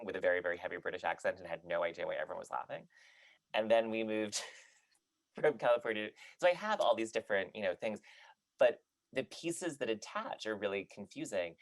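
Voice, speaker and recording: A man on a podcast panel, chatting loosely with fillers and then reading a poem aloud in a measured way. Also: deep voice, no echo. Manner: chatty, many fillers and restarts in talk, measured when reading. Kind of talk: casual chat and poetry reading.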